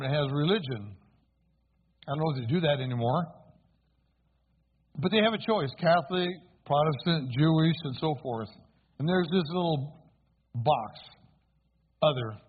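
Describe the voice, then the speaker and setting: Through tinny, phone-like audio with slight background noise, a man with a somewhat high voice gives his conversion testimony as a sermon. He tells the story earnestly and invites replies from the congregation.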